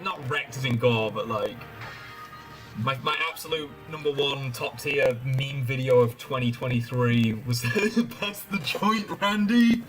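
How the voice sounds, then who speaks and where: A man's voice: mid-range voice, fairly even intonation, unhurried, music in the background. A man playing a game on stream, chatting casually, laughing often and thinking aloud as he trails off. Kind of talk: casual chat.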